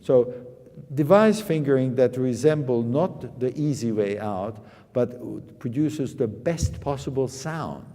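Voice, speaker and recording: A man's voice: mid-range voice, animated, slow pace. A male piano teacher coaching a student in a master class, speaking emphatically and singing phrases on pa and da syllables. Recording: long reverb of a hall with loud piano. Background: piano playing.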